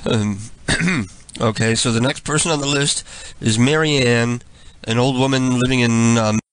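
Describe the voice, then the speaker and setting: A man's voice: mid-range voice, fairly bright tone, rough recording. A man hosting prank calls, teasing and crude, chuckling at his own jokes. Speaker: radio prank caller host. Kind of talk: crude prank-call banter.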